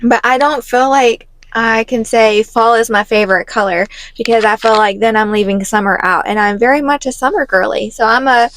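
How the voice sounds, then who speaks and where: A middle-aged mother co-hosting a casual podcast, exhausted, chatty and quick to laugh, talking to listeners as y'all. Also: a little high, fairly even intonation, fairly bright tone, no echo. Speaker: podcast co-host.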